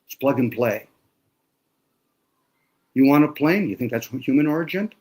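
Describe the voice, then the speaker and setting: A man's voice: medium pitch, lively intonation, normal speed, a little mellow. A man in a casual conversation, talking bluntly with lots of swearing and sarcasm. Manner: blunt, profane ranting.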